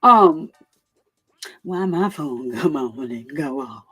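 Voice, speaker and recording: A woman hosting her own channel, speaking casually to her viewers in an animated way, repeating phrases and laughing often. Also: on the low side, a little slow, husky, soft background music. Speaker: commentary channel host.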